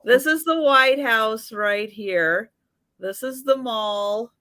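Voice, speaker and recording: A woman's voice: a little high, slow pace, sharp tone, dry recording. A woman guesting on a live chat, talking earnestly and laughing easily, often repeating herself. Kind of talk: casual chat.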